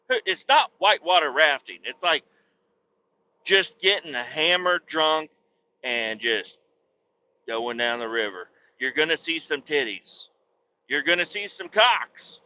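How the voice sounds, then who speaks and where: Sharp-voiced, profane rambling man. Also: a little high, big pitch swings, unhurried, highs cut off. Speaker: podcast host. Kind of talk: rambling comedic storytelling.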